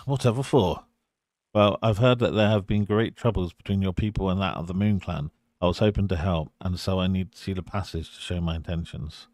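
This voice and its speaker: A man's voice: deep voice, a little mellow, dry recording, clean studio sound. A man streaming a video game, chatting in a casual, joking way and reading his character's lines. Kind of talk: let's play with read-aloud dialogue.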